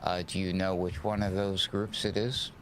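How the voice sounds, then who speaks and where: A man's voice: low voice, flat delivery, a little hiss or hum. A man who hosts a show, chatting and teasing the others on a casual stream. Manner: teasing, quick asides. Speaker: host of a show.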